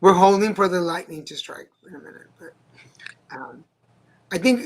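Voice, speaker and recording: A man co-hosting a talk show, chatting in a relaxed, soft-spoken, joking way. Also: high voice, moderate pace. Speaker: co-host. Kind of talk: casual chat.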